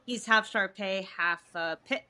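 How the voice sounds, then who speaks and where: A woman's voice: medium pitch, sharp tone. A young woman, a singer-songwriter guest, chatting casually in an interview, gushing and laughing often. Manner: giggly and gushing, quick to laugh.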